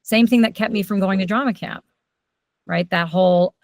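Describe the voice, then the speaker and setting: A middle-aged voiceover coach tells stories in a casual interview, her medium-pitched voice recorded without echo. She's an animated storyteller whose loudness shifts quickly.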